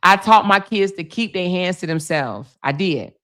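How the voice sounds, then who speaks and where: A middle-aged woman hosting a casual livestream, chatting to viewers and telling stories in a lively, animated way. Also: fairly low pitch, moderate pace. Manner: animated storytelling, reads viewer comments aloud. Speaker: livestream host.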